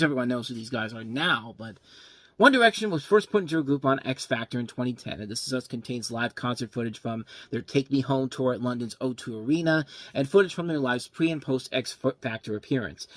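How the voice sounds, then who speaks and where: A man's voice: mid-range voice, a bit bright, no room sound. Guy rambling through a movie recap, keeps tripping on names, dry close sound. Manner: rambling, stumbles over names and restarts. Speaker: movie review host. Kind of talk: casual movie review talk.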